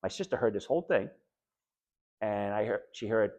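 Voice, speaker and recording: A man's voice: on the low side, normal speed, noisy background. A middle-aged man with a New England accent telling an audience his own story as a patient, in a blunt, emphatic, conversational way. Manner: blunt, emphatic, conversational, quotes others in animated voices. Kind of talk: candid personal talk to an audience.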